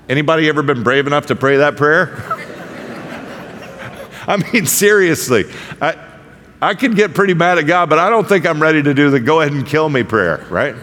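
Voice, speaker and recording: Man preaching a lively conversational sermon. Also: moderate pace. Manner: conversational, often asks the congregation "right?"; acts out quoted voices with sarcastic rises in pitch. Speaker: pastor. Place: church sanctuary. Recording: hall reverb.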